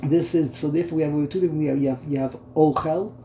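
A man's voice: on the high side, fairly even intonation, rapid-fire, warm tone. A man teaching a text study lesson, thinking aloud and repeating words as he works through the terms. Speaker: Torah teacher. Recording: echoey room, faint background hum.

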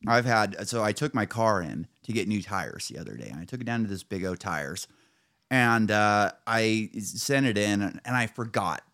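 An American man hosts a podcast in casual chat, telling profane stories and acting out the things people said. His voice is on the low side, a bit bright, and expressive, at a moderate pace.

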